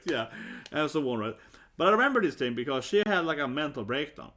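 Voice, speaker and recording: Brief: Swedish-accented man in his thirties, blunt and animated storyteller, slightly higher voice. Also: fast talker. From Sweden. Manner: animated, blunt, swears and laughs often. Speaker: vlogger. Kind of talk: casual storytelling vlog.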